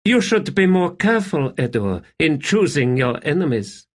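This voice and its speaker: A man's voice: a little high, sing-song, moderate pace, voice pushed up. A man reading an audiobook, voicing a haughty, sneering woman with a cutting, scornful manner. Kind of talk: audiobook character voice.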